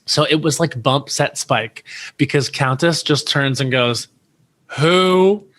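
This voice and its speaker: A man in his thirties telling a story as a podcast guest, animated, jumping up high in pitch whenever he quotes someone. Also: a little slow. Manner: animated, swoops high when quoting people.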